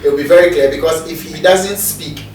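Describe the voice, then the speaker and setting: A man, co-hosting a studio talk show and arguing a point in a measured way. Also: a little high, a little mellow. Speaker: co-host. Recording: echoey studio, distant mic, faint noise.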